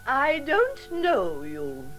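A woman's voice: sits high, huge pitch swings, drawn-out words, a bit bright, soft background music, full character voice. An actress playing a haughty, defiant lady in a radio drama for language learners. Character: stubborn, crafty older lady.

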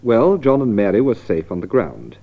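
Low-voiced male lesson narrator. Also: sing-song, dull audio, soft background music. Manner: clear, measured, teacherly. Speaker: narrator and presenter. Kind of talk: scripted narration for English learners.

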